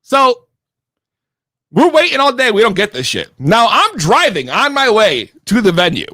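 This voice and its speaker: Young guy from Connecticut, high and very animated. Profane, rambling storyteller. Dry close mic. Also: moderate pace, no room sound. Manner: slangy and rambling with restarts. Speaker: podcast regular telling a story. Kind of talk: casual storytelling.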